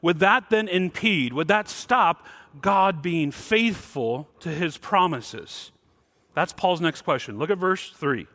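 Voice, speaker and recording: Male pastor preaching: slightly high voice, emphatic punches, then soft low asides. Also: lively intonation, slow. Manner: emphatic, swings between loud stresses and quiet low asides. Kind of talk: sermon.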